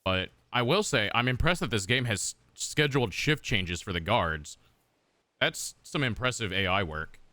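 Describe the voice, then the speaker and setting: A man's voice: on the low side, lively intonation, normal speed, sharp tone, dry recording. A man streaming a video game, giving wry, amused, chatty commentary. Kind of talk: casual gameplay commentary.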